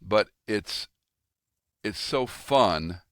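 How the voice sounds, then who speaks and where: A man in his sixties hosting a conversation, telling stories with lively acted-out quotes. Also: on the low side, drawn-out words, dry recording, clean studio sound. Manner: animated storyteller, acts out quoted voices. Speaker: podcast host and pastor. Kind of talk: casual conversation.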